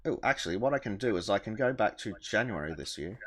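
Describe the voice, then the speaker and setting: A man from Australia with an Australian accent with a British lean, chatting casually on a gaming stream and laughing often. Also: fairly low pitch. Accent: Australian, with British influence.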